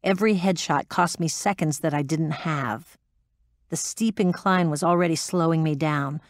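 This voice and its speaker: For an audiobook drama, a woman plays an interviewee who is a hardened former military pilot, blunt, profane and defensive when pressed. Her voice is low for a woman and sounds natural, at a moderate pace, recorded dry and close.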